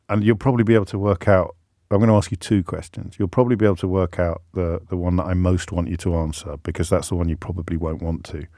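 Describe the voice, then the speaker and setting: A man's voice: low-pitched, a little mellow, dry recording. A middle-aged man hosting a radio phone-in, chatty and teasing, talking in a radio studio. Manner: chatty, teasing, self-mocking.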